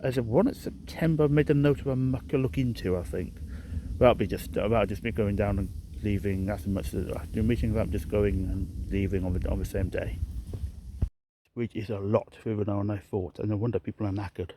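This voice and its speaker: A man's voice: lowish voice, steady tone, a little fast, mellow, slight background noise. A man rambling through a walking vlog outdoors in a hilly park, correcting himself often and out of breath from the climb. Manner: rambling, self-correcting, chatty. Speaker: vlogger.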